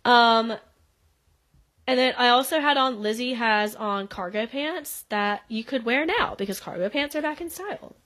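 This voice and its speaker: A young woman with a slightly high voice chats through a show recap as a podcast co-host. She laughs often and fills her sentences with "like.". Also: normal speed, a bit bright. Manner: chatty, laughing, frequent "like" fillers. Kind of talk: casual recap chat.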